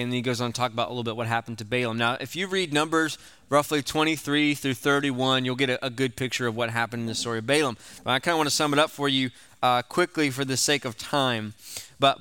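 A young male pastor delivers his sermon like a conversation, keeps checking in with "right?" and "okay?", and retells old stories in plain modern speech. His voice is bright and crisp. The sound is dry and close. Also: medium pitch, no room sound. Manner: retells scripture in an everyday voice.

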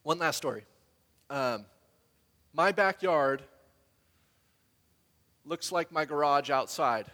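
A man's voice: a little high, takes it slowly, long pauses. Guy preaching, chatty storytelling, echoey church hall. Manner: conversational storytelling, animated when quoting others. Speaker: pastor. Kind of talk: sermon.

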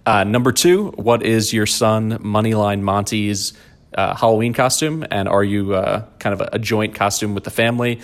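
A man's voice: on the low side, fairly even intonation, moderate pace. A man hosting a casual sports betting podcast, talking in a jokey, rambling way. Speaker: podcast host.

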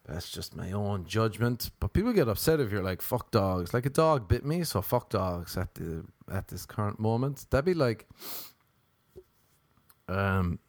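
A man's voice: lowish voice, lively intonation, a little slow, no echo. A man with an Irish accent telling a rambling comic rant, swearing freely and mocking people. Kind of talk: casual comedic rant.

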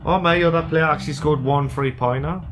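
A man's voice: fairly high pitch, a little fast, music in the background. A young man, grumbling sarcastically while playing a video game on a podcast. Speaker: podcast co-host.

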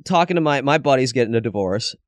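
A man's voice: medium pitch, animated, quick pace, dry recording. A man co-hosting a podcast in casual chat, hungover, joking and laughing often. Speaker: podcast co-host.

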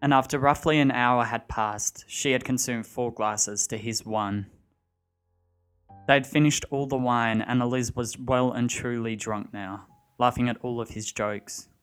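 A man reads a dark story aloud at a steady pace. His voice sits in a middle register, with quiet music running under the narration. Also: medium pitch, measured pace, clear, resonant tone.

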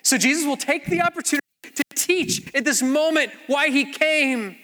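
A man preaching a sermon in a church, telling the story with animated acted-out voices. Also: very high-pitched, moderate pace, long reverb tail. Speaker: pastor.

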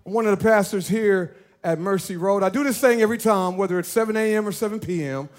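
A man preaching as a pastor, animated and playful, talking directly to his church. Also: high voice, fast talker. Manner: animated, playful, talks to the congregation. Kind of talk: lively sermon.

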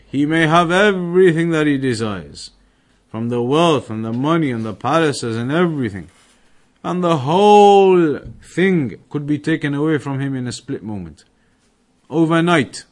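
A man teaching a religious class, explaining a text with repeated, emphatic examples. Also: fairly high pitch.

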